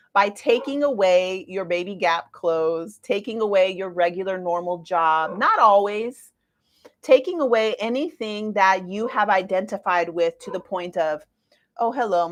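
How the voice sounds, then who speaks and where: A woman in her forties giving a casual astrology talk to viewers, chatty and lively with playful asides. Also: medium pitch, lo-fi sound. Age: 40s.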